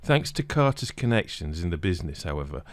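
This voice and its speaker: A man narrating a scripted video essay in a steady reading voice. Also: low voice, quick pace, dry recording. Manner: steady reading, livelier when reading quoted passages.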